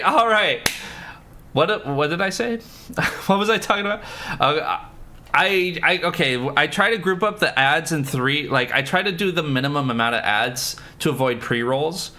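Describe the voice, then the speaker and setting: A man's voice: medium pitch, sharp tone. A man live-streaming a game, chatting with viewers, greeting them by name and thinking through puzzles aloud.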